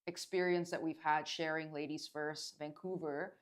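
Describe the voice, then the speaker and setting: Low-voiced woman, earnest and chatty. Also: flat delivery, normal speed. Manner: earnest, many filler words. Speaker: guest, dance event organizer. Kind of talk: casual interview chat.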